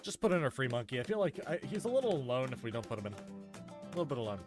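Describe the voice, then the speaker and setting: A man's voice: medium pitch, big pitch swings, quick pace, music in the background. A man streaming a game, chatting casually with viewers in a joking, sarcastic way. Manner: joking, sarcastic, talks to chat while playing. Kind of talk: casual gaming stream chat.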